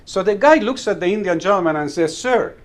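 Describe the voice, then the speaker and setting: A man's voice: high voice, expressive, fast. A man giving a humorous speech at a club meeting. He tells stories and chuckles at his own punchlines. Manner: storytelling, chuckles at own jokes, repeats words when restarting. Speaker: Toastmasters club speaker.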